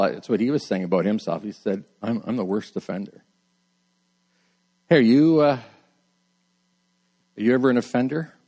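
A middle-aged man preaches a sermon as a pastor, talking to his congregation in a loose, conversational way at a mid-range pitch. When he quotes people his voice leaps upward, and for weighty points he drops low and soft. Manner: conversational, rises high when quoting people, drops low and quiet for emphasis.

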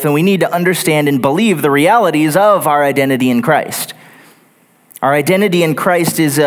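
Male pastor, slightly high voice, earnest sermon delivery with repetition. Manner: earnest, builds points in lists and repetition. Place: church sanctuary.

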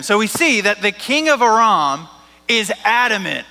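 A man's voice: high voice, sing-song, unhurried, bright, forceful tone, big-room sound. A man preaching a sermon as a pastor, talking in a casual, joking way with lots of "like" and "right?".

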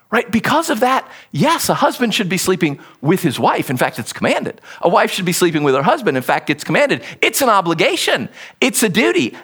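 A middle-aged man preaching a sermon in an animated, conversational way, acting out quotes as he explains a text. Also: sits high, breathy edge. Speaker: pastor.

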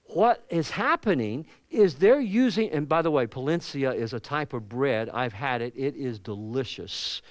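A pastor with a Southern US accent preaching a sermon in a conversational way, with asides and questions to the congregation. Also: male voice, mid-range voice, expressive, moderate pace, hardly any pauses, dry recording. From American South.

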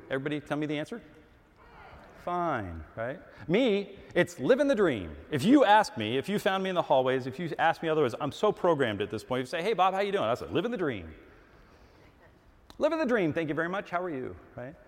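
A middle-aged man preaching a sermon, animated and emphatic, acting out little dialogues as he goes. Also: on the high side. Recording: long hall reverb.

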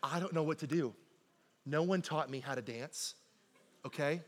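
High-pitched guy preaching in a church, chatty storytelling vibe, lots of "right?". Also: normal speed. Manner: animated conversational storytelling, keeps asking "right?". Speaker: pastor. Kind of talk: sermon. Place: church sanctuary. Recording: long hall reverb in a church.

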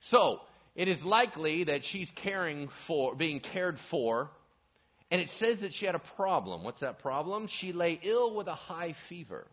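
An animated male pastor preaching with a lively voice that swings up and down and sits slightly high for a man. He keeps firing questions at the congregation. The recording sounds dull and lo-fi. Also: unhurried. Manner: animated, asks the audience questions. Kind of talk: sermon.

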